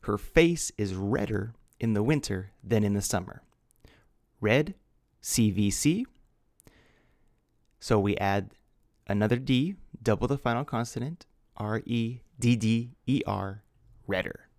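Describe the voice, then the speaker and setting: A man's voice: lowish voice, lively intonation, measured pace, long pauses, a little mellow, no room sound, studio quality. A man teaching English grammar, patiently spelling out words letter by letter. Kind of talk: slow grammar lesson.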